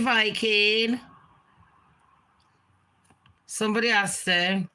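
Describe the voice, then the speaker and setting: Woman, gossip vlogger, unhurried and loose, swears a lot, crisp bright voice. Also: lowish voice, poor audio. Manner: rambling, swears freely. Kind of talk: casual chat.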